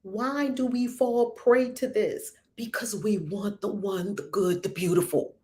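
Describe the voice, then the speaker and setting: A woman's voice: mid-range voice, fairly even intonation, measured pace, a little mellow. A woman spiritual teacher speaking emphatically and preaching, full of rhetorical questions.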